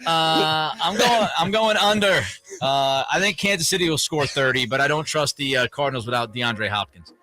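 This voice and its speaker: Bright-voiced man hosting sports radio. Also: fairly high pitch, moderate pace, dry recording. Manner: laughs often, runs the segment. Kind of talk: casual sports talk.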